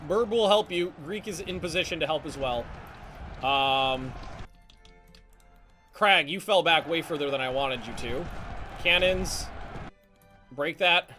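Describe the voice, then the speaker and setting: A man giving live commentary on a strategy game, talking in halting restarts with casual swearing and barking quick orders to his units. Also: fairly high pitch, sharp tone, faint music behind. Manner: barks quick orders to units, voice jumps up when alarmed. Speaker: streamer.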